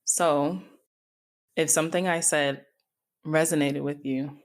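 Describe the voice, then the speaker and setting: A woman's voice: low-pitched, steady tone, takes it slowly. A middle-aged woman hosting a solo podcast, talking candidly and confidingly and speaking straight to her listeners. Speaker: podcast host and coach. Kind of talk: reflective solo podcast talk.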